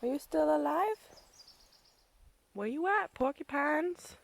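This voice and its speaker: A woman's voice: high voice, animated, takes it slowly, gravelly. A woman working as a land steward, chattering and cooing at animals she meets outdoors on the trail. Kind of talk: casual walking vlog.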